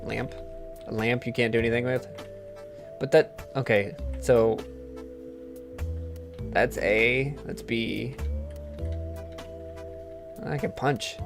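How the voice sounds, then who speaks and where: A man's voice: medium pitch, steady tone, slow pace, gravelly, pauses often, music in the background. A man hosting a gaming channel, chatting in a rambling, self-amused way as he plays. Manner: chatty, rambling, laughs at himself. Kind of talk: casual let's-play commentary.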